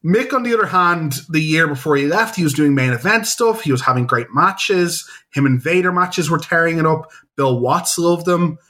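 A man co-hosting a casual podcast chat, talking in an enthusiastic, rambling way with quick asides. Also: on the high side, bright, forceful tone. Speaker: podcast co-host.

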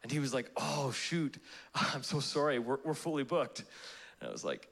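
A man's voice: fairly high pitch, very animated, normal speed, fairly bright tone. A pastor preaching a sermon, telling a personal story in a conversational way, laughing at himself and restarting his sentences. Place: church auditorium.

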